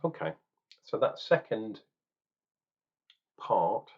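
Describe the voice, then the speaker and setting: A man's voice: fairly low pitch, big pitch swings, drawn-out words, husky, highs cut off. A man chatting casually while tasting and reviewing a beer, thinking aloud with ums and restarts.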